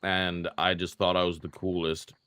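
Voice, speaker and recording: A man's voice: low-pitched, flat delivery, normal speed, pushed and bright, clean tone. A young man streaming a retro game, chatting casually and self-deprecatingly with his viewers while he plays. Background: faint game music.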